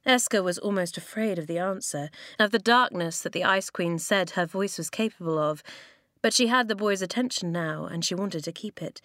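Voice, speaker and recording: A woman narrating an audiobook in a calm, even storytelling manner. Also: on the low side, normal speed, no room sound, studio quality.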